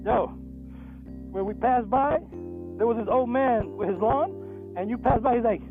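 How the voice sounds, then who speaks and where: A man's voice: very high voice, a little slow, pauses often. A man from New York City vlogging while riding a motorcycle, chatting animatedly and joking, with plenty of swearing. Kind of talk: casual chat while riding. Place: on a motorcycle, outdoors on town roads. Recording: tinny, phone-like with loud music.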